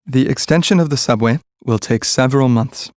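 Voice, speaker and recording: A man reading short English practice sentences one by one, clearly and evenly. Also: medium pitch, dry recording, studio quality. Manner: clear, even, measured delivery of single sentences.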